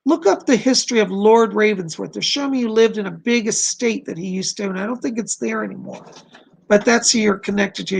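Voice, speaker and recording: A man reads out viewer questions and answers them as a psychic on a live stream. His voice is heavily gravelly and a little husky, and it is wearing hoarse. He speaks in a gentle, reassuring, chatty way. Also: high voice. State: losing his voice. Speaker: psychic doing live readings.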